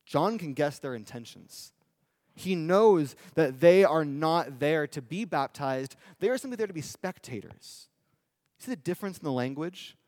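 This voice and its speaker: A male preacher giving a sermon in a conversational style, often asking the audience "right?" and slowing down for emphasis. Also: fairly high pitch, lively intonation, darkish tone, no echo, studio quality. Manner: conversational, with tag questions and emphatic slowdowns.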